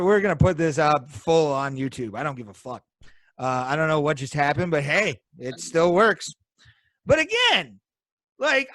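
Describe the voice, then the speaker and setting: Brief: male podcast co-host, furious cursing rant, unhurried, high lively voice, dry video-call sound. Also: dry recording. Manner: angry profane rant. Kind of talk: casual podcast chat.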